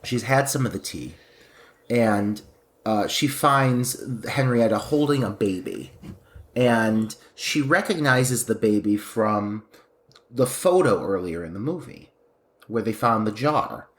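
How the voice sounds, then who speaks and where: Animated man gushing about a horror film. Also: fairly low pitch, takes it slowly. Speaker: podcast co-host. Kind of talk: casual film discussion.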